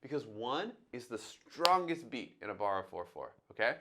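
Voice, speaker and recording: A man's voice: medium pitch, big pitch swings, moderate pace, background noise. A man teaching drums in a casual, step-by-step way, thinking aloud and singing drum sounds as he goes. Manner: talks through his thinking, sings drum sounds aloud. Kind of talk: casual instructional talk.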